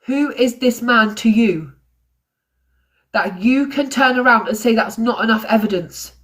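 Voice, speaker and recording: A woman's voice: on the high side, measured pace, a bit bright. A woman hosting a true crime livestream, talking in an angry, ranting way. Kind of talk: live-stream commentary.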